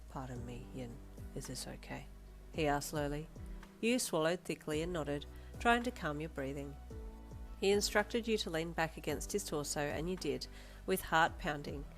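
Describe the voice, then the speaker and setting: A woman reading fanfiction aloud as an audiobook narrator, with a steady storytelling delivery. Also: sits low. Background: faint background music.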